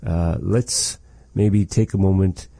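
A man's voice: low-pitched, fairly even intonation, takes it slowly, creaky, warm tone, no room sound. A man teaching a language lesson, patiently explaining phrases and repeating words.

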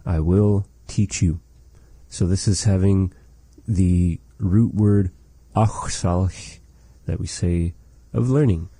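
A man teaching a language lesson, slowly and patiently saying phrases and explaining what they mean. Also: low voice, steady tone, warm tone, slightly rough, dry recording. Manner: repeats phrases slowly and explains them carefully.

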